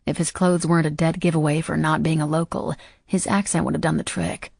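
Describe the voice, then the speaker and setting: A woman narrating a first-person audiobook in a quiet, measured, somber way. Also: low voice, level tone, gravelly, no echo, clean studio sound.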